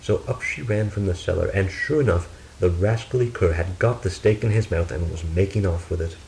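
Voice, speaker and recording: A man narrating a fairy tale in a steady, measured storybook reading. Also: deep voice, gravelly, slight background noise, rough recording.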